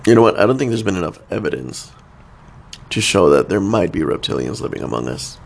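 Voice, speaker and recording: A man's voice: low-pitched, sing-song, brisk, creaky. A man in his thirties co-hosting a podcast, talking in a laid-back, rambling way and laughing often. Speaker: podcast co-host. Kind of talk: casual chat.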